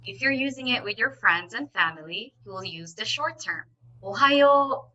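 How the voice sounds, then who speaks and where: A woman teaching a live online language lesson, saying each word slowly and repeating it clearly, with frequent encouraging "okay"s. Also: fairly high pitch, lively intonation, bright, forceful tone, rough recording. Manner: instructive and encouraging, often says "okay".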